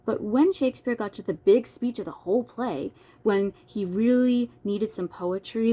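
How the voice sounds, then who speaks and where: A woman's voice: medium pitch, moderate pace, darkish tone. A young adult woman reading a nonfiction book aloud, breaking off for playful, self-deprecating comments. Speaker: book reader.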